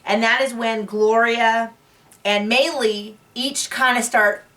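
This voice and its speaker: A woman's voice: a little high, steady tone, slow, bright, forceful tone, recorded from a distance. A woman recapping a reality TV episode in casual, chatty talk, laughing often and full of fillers and restarts. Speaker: recap show host.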